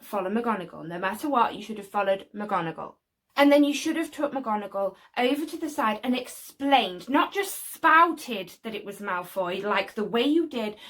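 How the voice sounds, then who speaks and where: A chatty young Englishwoman with a slightly high voice hosts her own opinion vlog. She talks straight to camera, opinionated and a little scolding, and keeps it loose and conversational. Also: a bit bright. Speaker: video host.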